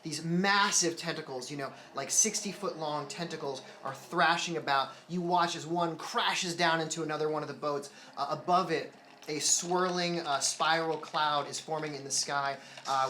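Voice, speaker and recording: A man narrating a tabletop game as game master, steady and descriptive with many fillers. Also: fairly high pitch, normal speed, slight background noise.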